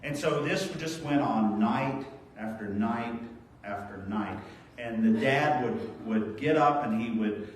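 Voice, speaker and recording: A male pastor preaching a sermon, earnest and storytelling, moving between raised emphasis and quiet reflection. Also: medium pitch, slight background noise. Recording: very echoey church hall, voice from far off.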